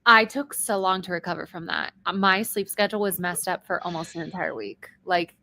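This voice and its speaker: A woman's voice: lowish voice, fairly quick, sharp tone, no room sound. Chatty woman co-hosting a stream. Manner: chatty, earnest, rambling. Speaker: podcast co-host. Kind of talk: casual live-stream chat.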